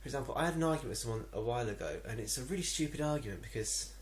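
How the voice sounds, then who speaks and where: A man's voice: mid-range voice, lively intonation, racing, heavy background noise. A young man with an English accent, ranting to camera in a vlog, irritated and rambling with many ums and restarts. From England. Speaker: vlogger.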